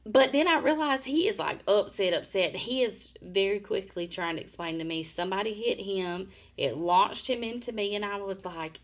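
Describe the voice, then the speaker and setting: An older woman, a podcast co-host telling animated stories and laughing often. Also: mid-range voice, normal speed. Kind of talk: casual chat. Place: Nashville area.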